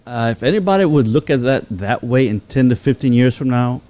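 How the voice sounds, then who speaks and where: Casting: male podcast co-host from South Louisiana, lively chatty delivery that rises when he argues a point. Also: brisk. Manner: animated, rising in pitch when making a point. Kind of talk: casual chat.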